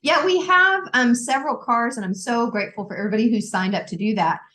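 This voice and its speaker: A woman co-hosting a church podcast, chatting casually, excitable and quick to laugh. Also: on the high side. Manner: laughing often, animated and excitable. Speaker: church staff member and podcast co-host. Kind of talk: casual chat.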